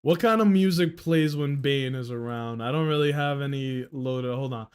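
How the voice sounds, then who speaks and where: A young man chatting casually on a livestream, excitable and swearing, with sudden loud outbursts. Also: medium pitch, normal speed, clear, resonant tone. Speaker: streamer.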